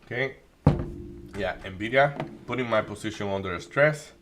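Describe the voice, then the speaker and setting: A man doing live trading commentary, thinking aloud with many restarts and halting phrases. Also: fairly low pitch, background noise. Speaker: day trading streamer.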